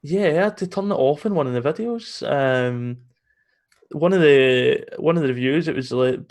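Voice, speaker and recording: A man's voice: mid-range voice, normal speed, a little mellow. A Scottish man chatting on a live stream, telling stories in a sweary, chuckling way. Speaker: live show co-host. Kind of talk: casual live-stream chat.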